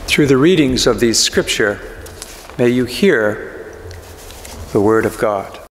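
A man's voice: mid-range voice, lively intonation, slow, a little hiss or hum. A man, a pastor, reading scripture and preaching, giving the quoted speakers their own voices. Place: church sanctuary. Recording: echoey church with long reverb.

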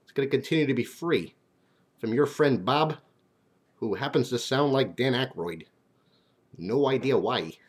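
A man hosting his own channel, giving a chatty, jokey update in a self-mocking way. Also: mid-range voice. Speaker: channel host. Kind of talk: casual vlog update.

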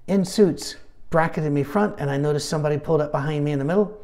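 A man's voice: on the high side, fast talker, a little mellow. A man teaching a midweek Bible study in a chatty, anecdotal way, with humorous asides.

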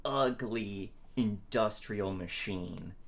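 A man playing a tabletop game, describing his character's actions in a deliberate, matter-of-fact way. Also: fairly low pitch, creaky. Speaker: player.

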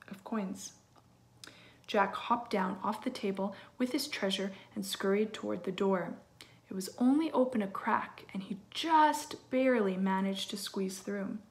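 A woman teacher reading a children's storybook aloud in an expressive way, with asides to her listeners. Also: medium pitch.

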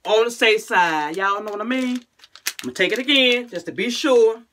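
A woman vlogging casually to camera. She talks in short, restarted phrases and drops to a low, quiet "guys" or "y'all" at the end of most lines. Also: normal speed, slight background noise. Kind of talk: casual vlog talk to camera.

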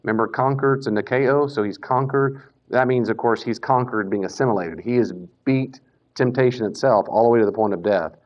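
A man at a middle pitch gives a casual, animated Bible lecture, backing up to correct himself and slipping into the voices of the people he quotes. He speaks into a Bluetooth mic in a classroom or church hall. The recording is dull and lo-fi. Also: a little fast. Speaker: Bible teacher. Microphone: Bluetooth mic that cuts out.

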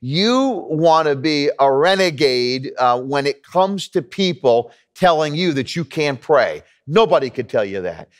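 Emphatic preaching man, raised pitch. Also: very animated, measured pace, hardly any pauses. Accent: New York. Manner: storytelling preacher, emphatic and conversational. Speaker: pastor. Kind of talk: sermon.

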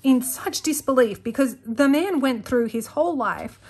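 An expressive planner vlogger with a high, slightly mellow voice chats at a normal speed while crafting at her desk at home. She rambles, gets sidetracked often and works herself up when she rants, recorded by a desk-mounted camera.

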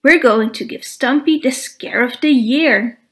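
A woman's voice: high-pitched, unhurried, a bit bright. A woman voicing an eager young boy in a children's storybook who coaxes a friend to join a prank.

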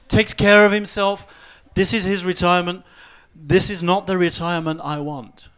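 Man in his forties, slightly high voice, humorous stage talk, animated delivery, quiet asides and loud outbursts. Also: moderate pace, clean tone. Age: 40s. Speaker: speaker giving a short stage talk. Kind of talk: fast-paced humorous presentation. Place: event stage before a live audience.

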